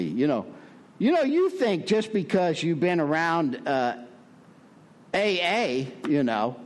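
An older man tells his recovery story in a folksy, rambling way, full of fillers and restarts. His voice climbs higher whenever he turns to preaching. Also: big pitch swings, slow. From Prescott, Arizona. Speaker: recovery speaker. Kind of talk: recovery meeting share.

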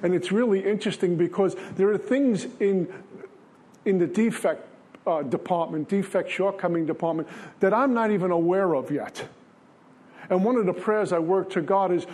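A man with a somewhat higher voice than most men shares his personal testimony at a recovery meeting. He speaks earnestly in plain everyday language, telling the story step by step as a lesson. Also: moderate pace, a little mellow.

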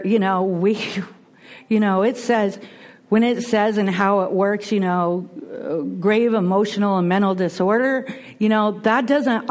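A middle-aged woman speaking earnestly and animatedly as a speaker at a recovery meeting, with many restarts. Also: fairly high pitch. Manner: earnest, animated, frequent restarts and you-knows. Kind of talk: personal testimony talk.

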